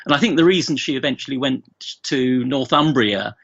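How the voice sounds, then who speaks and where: A man's voice: medium pitch, brisk, vocal fry, fairly bright tone, breathy edge, lo-fi sound. A middle-aged man, a guest on a podcast, telling family anecdotes in a rambling way with many restarts. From England. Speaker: guest, bereaved father. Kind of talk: remote podcast interview.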